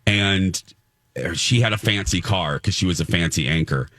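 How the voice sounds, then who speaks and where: A man's voice: low-pitched, normal speed, sharp tone, no echo, clean studio sound. A man in his thirties hosting a casual radio show, telling a heartfelt story with many restarts. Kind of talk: casual morning show chat.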